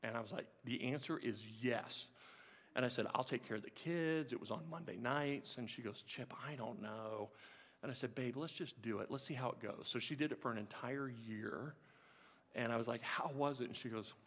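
Gravelly-voiced man preaching in a hall. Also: mid-range voice. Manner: storytelling, animated, laughing asides. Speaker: pastor. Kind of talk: sermon. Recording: long reverb of a hall.

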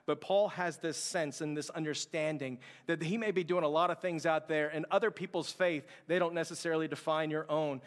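A man's voice: on the high side, a little fast, hardly any pauses. A man preaching a sermon as pastor, telling a story with passion and acting out quoted lines. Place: church sanctuary. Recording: long hall reverb.

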